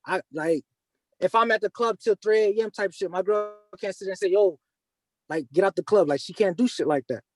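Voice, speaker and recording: A man's voice: sits high, expressive, fairly quick, no room sound, faint music behind. A young man arguing his point in a heated panel debate, casual and full of slang. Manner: casual slangy, argumentative, laughs often. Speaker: panel guest.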